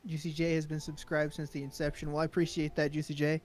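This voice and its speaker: A young man with a slightly high voice, talking in a loose, rambling way while co-hosting a casual stream. Soft music plays faintly behind him. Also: completely flat delivery, quick pace. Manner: easygoing, rambling, with fillers. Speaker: co-host of a stream.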